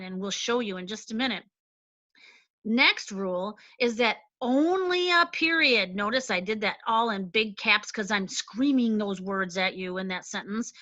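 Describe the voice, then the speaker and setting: Slow, emphatic woman teacher. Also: on the high side, bright, forceful tone, dry recording, muffled recording. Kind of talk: recorded classroom lesson.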